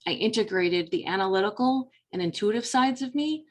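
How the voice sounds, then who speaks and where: A woman's voice: medium pitch, lively intonation, a little fast. A middle-aged woman life coach telling her personal story in an earnest, motivational way, speaking straight to the listener. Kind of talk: personal story told to camera.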